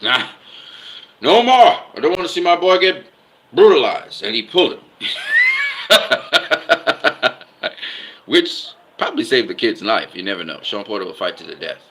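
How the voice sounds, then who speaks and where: A man's voice: fairly low pitch, bright, forceful tone, low-quality recording. A man giving casual boxing commentary, emphatic, often repeating himself and stopping to ask "okay?".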